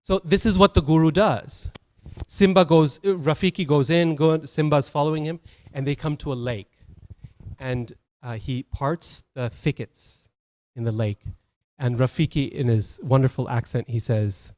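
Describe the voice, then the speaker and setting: A man's voice: medium pitch, a little slow, darkish tone. A man giving a Sunday sermon as a temple speaker, telling stories conversationally, with many fillers and restarts.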